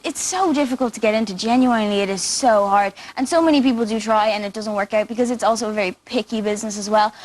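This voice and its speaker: A teenage girl chatting casually as an actress guest in a TV studio, giggly and talkative. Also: mid-range voice. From Ireland. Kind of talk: casual interview chat.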